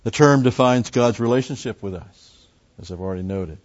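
A man's voice: medium pitch, normal speed. A man preaching a methodical Bible teaching, explaining Greek words and repeating key terms. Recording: dull lo-fi recording.

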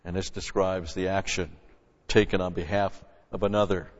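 Low-voiced guy preaching, punches words then drops quiet, lo-fi church hall echo. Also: flat delivery, moderate pace. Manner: emphatic, swings between loud stresses and quiet asides. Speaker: pastor. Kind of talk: expository sermon. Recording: lo-fi recording with long hall reverb.

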